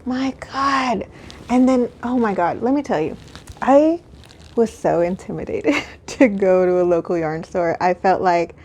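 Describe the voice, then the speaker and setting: A woman from Texas, hosting her podcast in a casual solo chat. She gushes excitedly and pokes fun at herself as she talks. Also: mid-range voice. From Houston, Texas. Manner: excitable, gushing, self-mocking. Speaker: podcast host.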